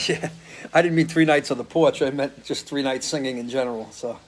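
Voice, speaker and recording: A middle-aged man from the US Northeast, a musician hosting a relaxed live stream from a porch, greeting viewers by name one after another, his voice a bit worn from singing. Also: medium pitch, a little fast. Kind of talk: casual chat greeting viewers. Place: porch at home.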